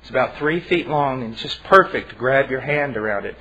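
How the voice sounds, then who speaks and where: Husky earnest male preacher. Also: medium pitch, expressive, sharp tone. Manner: earnest, emphatic, halting restarts. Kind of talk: sermon. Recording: dull lo-fi recording.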